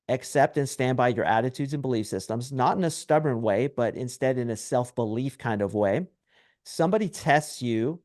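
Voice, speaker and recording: A man, a dating coach, talking as a podcast guest in a brash, animated way, acting out little scenes as he explains. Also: mid-range voice, dry recording, studio quality. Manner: brash, animated storytelling with acted quotes. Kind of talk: podcast interview.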